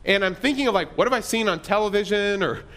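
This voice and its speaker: A man's voice: sits high, quick pace, fairly bright tone. A middle-aged man pastor telling a personal story in a conversational, self-deprecating sermon.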